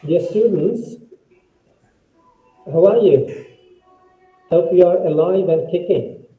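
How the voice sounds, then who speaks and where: An older man with an Indian English accent leads an online English lesson, patient and unhurried. His voice sits a little high for a man, and he drills words slowly and carefully. The sound is thin and phone-like, with echo from his room. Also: soft background music. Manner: slow, patient, addresses students as dears. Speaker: retired English teacher. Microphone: video call. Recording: echoey room over a tinny call line.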